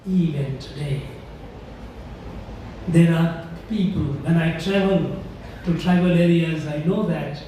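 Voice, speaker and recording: Male speaker, formal address, pitched high, hammering home points, heard off-mic over faint room noise. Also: takes it slowly, pauses often, dark tone. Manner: emphatic, lecturing, repeats key phrases. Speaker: public speaker addressing an audience. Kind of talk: formal public speech. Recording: echoey hall, distant mic, faint noise.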